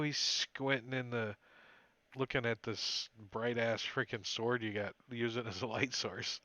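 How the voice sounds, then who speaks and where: A man's voice: mid-range voice, steady tone, unhurried, bright, forceful tone, dry recording, lo-fi sound. A man narrating a tabletop game as game master, casual with many fillers.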